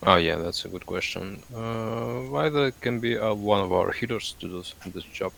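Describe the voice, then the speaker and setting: Deep, gravelly man on raid voice chat. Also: normal speed, a bit bright. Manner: easygoing, joking, a bit hesitant. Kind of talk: game tactics on voice chat.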